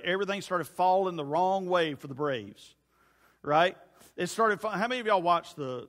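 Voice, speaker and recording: A man's voice: high voice, fairly bright tone. A man preaching a casual sermon, rambling into jokey asides and talking straight to the congregation. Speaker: youth pastor. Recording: long reverb in a hall.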